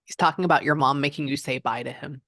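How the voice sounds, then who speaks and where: A woman working as a psychic medium, giving a client a reading and passing on messages in an animated, chatty way. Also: rumbling low, fast, dry recording, studio quality. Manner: animated, relays messages in quotes, frequent "hold on".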